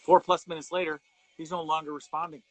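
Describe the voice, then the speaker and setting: A man's voice: a little high, little pitch movement, fast, dry recording, soft background music, poor audio. A man hosting a live show, delivering impassioned commentary in an angry, profane way, often repeating and restarting words. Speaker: host of a live wellness show.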